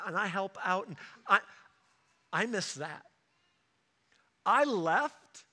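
A man pastor telling a personal story in a sermon, animated and acting out the voices of the people he quotes. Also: sits high.

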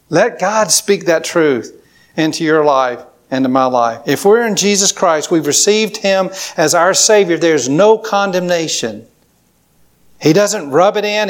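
Emphatic preaching man, fairly high voice. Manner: emphatic preaching with repetitions and congregation call-and-response. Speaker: pastor. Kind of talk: sermon.

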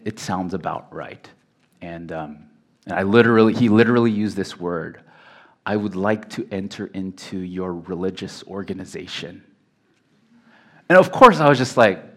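Thirtysomething pastor guy telling a story in a sermon, lowish voice, chatty, keeps restarting, acts out the voices. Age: 30s. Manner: conversational storytelling, animated quoted voices, frequent restarts.

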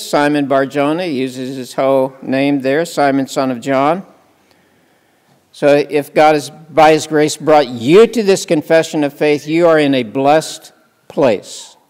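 A man preaching a sermon slowly and emphatically, asking the congregation questions. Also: mid-range voice. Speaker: pastor. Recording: long reverb in a hall.

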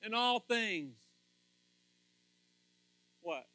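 A man's voice: sits high, lively intonation, very slow, bright, forceful tone, no room sound, poor audio. A man preaching a folksy sermon who tells stories and keeps asking the crowd fill-in questions. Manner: folksy and storytelling.

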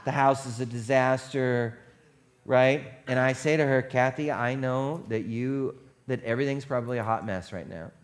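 A middle-aged male pastor with a mid-range voice preaches at a moderate pace, telling stories in a casual, conversational way. He jokes at his own expense and acts out the voices of the people he quotes.

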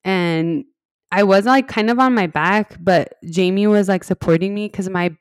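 A woman's voice: medium pitch, moderate pace, smooth, no echo. A young adult woman telling a personal story in a casual, chatty way, full of "like"s and acted-out quoted dialogue. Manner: chatty, many "like"s, animated quoted dialogue, laughs. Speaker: podcast host telling her birth story.

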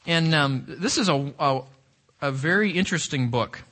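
A man's voice: on the high side, lively intonation, normal speed, a bit bright. A male pastor preaching a sermon with emphasis, reading scripture aloud and asking the congregation rhetorical questions.

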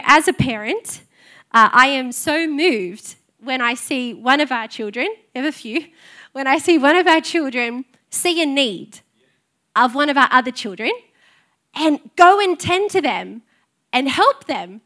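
A woman's voice: sits high, expressive, unhurried, bright, forceful tone. A middle-aged woman, preaching a sermon in an earnest, conversational way and telling personal stories. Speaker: pastor.

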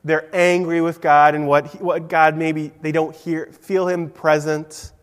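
A man's voice: fairly high pitch, little pitch movement, a little slow, clean tone, in a large hall. A man preaching a simple story-style sermon, asking his listeners questions. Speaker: preacher giving a children's message.

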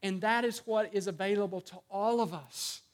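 Male pastor, high voice, chatty preaching style full of restarts and acted asides. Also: normal speed. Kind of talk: sermon.

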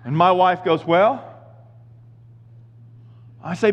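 A man in his fifties preaching a sermon in a casual, jokey way, swinging from hushed asides to shouted lines. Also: fairly high pitch, lively intonation, normal speed, slight background noise. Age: 50s. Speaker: pastor. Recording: muffled sound with long hall reverb.

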